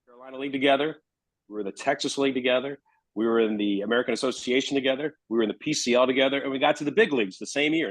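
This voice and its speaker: A radio baseball broadcaster in his fifties, telling a story in a measured, steady way. The sound is dry and close, with no room around it, and his voice sits at an ordinary middle pitch for a man. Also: no room sound, poor audio. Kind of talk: casual storytelling chat.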